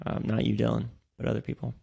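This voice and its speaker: A man with a gravelly, creaky voice at a middle pitch, co-hosting a casual podcast. He rambles through his stories and laughs a lot along the way. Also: monotone, fast talker, mellow. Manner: rambling storyteller, laughs often. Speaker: podcast co-host. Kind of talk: casual chat.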